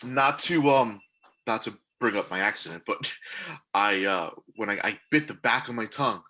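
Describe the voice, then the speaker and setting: Giddy guy cohost, cracks up a lot, swears, bright bouncy voice. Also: on the low side, lively intonation, normal speed. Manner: giddy, laughs often, swears. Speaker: podcast co-host. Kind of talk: casual joking chat.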